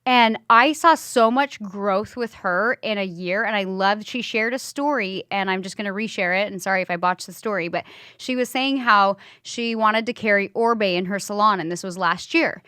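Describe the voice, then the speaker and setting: A woman's voice: mid-range voice, normal speed, sharp tone, clean tone, no echo, clean studio sound. A woman hosting a casual podcast, telling candid stories with blunt swearing and acted-out quotes. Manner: candid storytelling, swears freely, acts out quotes. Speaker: podcast host, hair educator.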